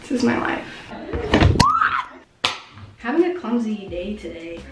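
A woman's voice: medium pitch, very animated, takes it slowly, heavy background noise. Giggly young woman vlogging in a roomy space. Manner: chatty, giggly, self-mocking. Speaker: beauty vlogger. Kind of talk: casual vlog chat. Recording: roomy echo with background music.

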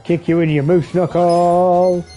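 A man giving casual live commentary while playing a game, sleepy and yawning, swearing often in a low-key way. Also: little pitch movement, measured pace, mellow, soft background music.

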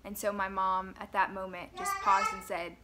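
A young woman, a mother, recalling family memories at home in a gentle, earnest and reflective way. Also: mid-range voice, big pitch swings, normal speed, heavy background noise. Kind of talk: personal reminiscence to camera.

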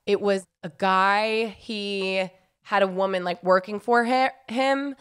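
A woman's voice: mid-range voice, steady tone, slow pace, fairly bright tone, clean tone. A woman co-hosting a podcast in casual chat, rambling through stories, laughing often and swearing freely. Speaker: podcast co-host.

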